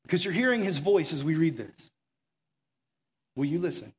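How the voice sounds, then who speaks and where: A man's voice: a little high, very animated, moderate pace. A man preaching a conversational sermon as pastor, urgent and full of rhetorical questions. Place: room with a gathered audience.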